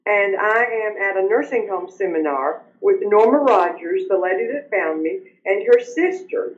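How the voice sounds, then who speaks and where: Older woman, roomy muffled audio. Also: mid-range voice. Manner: earnest storyteller, halting when upset. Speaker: guest. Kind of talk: personal testimony in interview.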